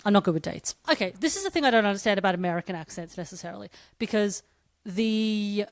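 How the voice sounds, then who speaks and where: A woman's voice: medium pitch, fast talker, no echo. A woman co-hosting a casual podcast, recapping a horror episode with lots of fillers. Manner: chatty, recapping scenes with fillers. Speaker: podcast co-host. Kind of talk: casual movie chat.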